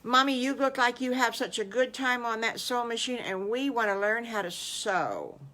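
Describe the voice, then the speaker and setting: A woman's voice: a little high, lively intonation, normal speed, sharp tone, voice pushed up. An older woman voicing three eager little piglet boys who speak together. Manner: eager, chiming in unison.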